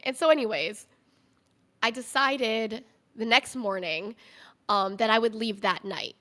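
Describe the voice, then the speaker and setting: A woman's voice: fairly high pitch, pushed and bright. A young woman, a podcast guest, telling a candid personal story in a conversational way, full of "like" fillers.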